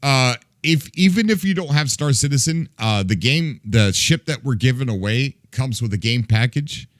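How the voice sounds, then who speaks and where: Lively, playful male streamer. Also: mid-range voice, moderate pace, no room sound, studio quality. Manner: laughs often, playful, does silly sound effects with his mouth; mock-exasperated as he reacts to chat. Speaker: livestream host. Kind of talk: casual live-stream chat with viewers.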